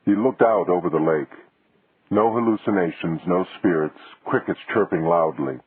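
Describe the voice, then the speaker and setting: A man tells the story in a steady, even way with a very husky voice. His pitch sits low. The recording is dry and thin, like a phone line. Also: moderate pace, no echo. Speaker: audiobook narrator. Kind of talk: scripted narration.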